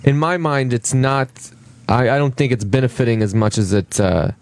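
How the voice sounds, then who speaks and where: A man speaking in a mid-range voice on a talk radio show. He thinks out loud, trailing off and restarting sentences. His tone stays plain and conversational. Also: mid-range voice, moderate pace. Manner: hesitant, thoughtful, restarts often. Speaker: comedian guest. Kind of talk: casual radio chat.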